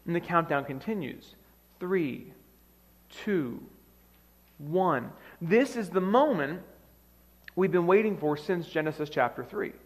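A man preaching a sermon as pastor, telling the story dramatically with shifting loudness, in a church sanctuary. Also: on the high side, animated, moderate pace. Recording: long reverb of a large hall.

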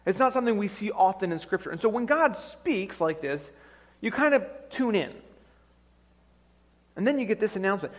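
A man preaching a sermon as pastor, telling the story dramatically with shifting loudness, in a church sanctuary. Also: high voice, animated, a little fast. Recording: long reverb of a large hall.

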